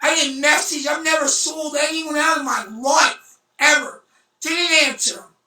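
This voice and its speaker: Intense high-voiced woman, blunt storytelling on a livestream, slow bright delivery, roomy off-mic sound. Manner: intense, blunt, swears, bursts into shouting. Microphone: phone. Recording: roomy echo, far from mic.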